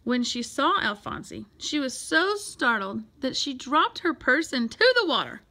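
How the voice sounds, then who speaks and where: A woman reading a children's picture book aloud in an expressive, lively way. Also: sits high, unhurried. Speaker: storyteller.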